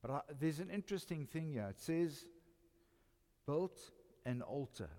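An older man with a South African accent preaching a sermon, swinging between loud emphatic lines and quiet, intimate ones. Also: a little high, animated, moderate pace. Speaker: pastor. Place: church hall. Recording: long church reverb.

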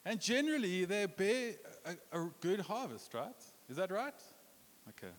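A man's voice: high voice, big pitch swings, normal speed, a little hiss or hum. A man preaching a sermon as pastor, playful and joking, slipping into put-on voices for quotes. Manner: playful, jokes and puts on accents. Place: church hall with a congregation. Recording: long hall reverb.

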